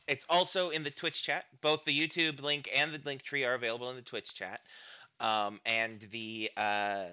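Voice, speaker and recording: A man's voice: mid-range voice, bright, forceful tone, smooth, highs cut off. An American man in a casual stream outro chat, rambling and hesitant with many fillers.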